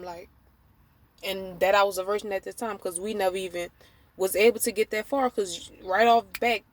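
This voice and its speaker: A young woman, telling a storytime to camera in a casual, blunt way with free swearing. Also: mid-range voice. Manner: chatty, blunt, swears freely. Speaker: vlogger. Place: small room at home with a window.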